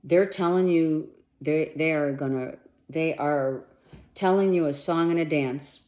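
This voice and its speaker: A woman's voice: low-pitched, a little slow. A woman gives a monthly tarot reading in a blunt, emphatic way, swearing freely as she urges the listener to stand firm. She takes her time with each phrase. The recording sounds dull and lo-fi. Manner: talks straight to the listener with urgent reassurance. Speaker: tarot reader.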